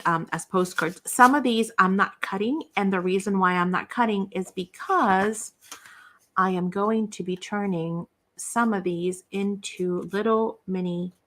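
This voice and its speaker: A middle-aged woman chats on a craft livestream in an easygoing, talkative way. She slips into the voices of people in her stories and pokes gentle fun at herself with folksy asides. Her pitch sits in an ordinary middle range. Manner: chatty storyteller acting out quoted dialogue; self-deprecating, folksy fillers. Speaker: craft channel host. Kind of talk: casual livestream chat.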